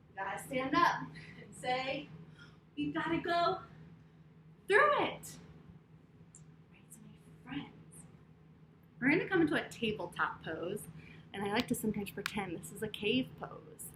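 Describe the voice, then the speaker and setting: Animated woman teaching kids' yoga, high voice. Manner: animated, expressive, prompting children to repeat. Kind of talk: interactive story and movement lesson for children. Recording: echoey, distant, noisy room.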